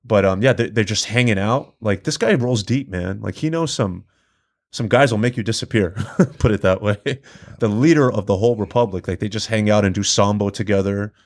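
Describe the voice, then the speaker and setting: A man with a fairly low voice chats as a podcast guest in a studio. He tells stories in a loose, slangy way and keeps breaking into laughter. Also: normal speed. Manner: laid-back, slangy, laughs often while telling stories. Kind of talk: casual chat.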